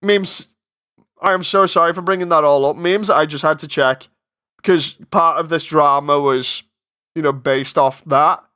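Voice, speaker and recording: A man's voice: fairly high pitch, fairly even intonation, unhurried, sharp tone, smooth. A man chatting casually on a live stream while working on his animation, rambling, interrupting himself and getting exasperated.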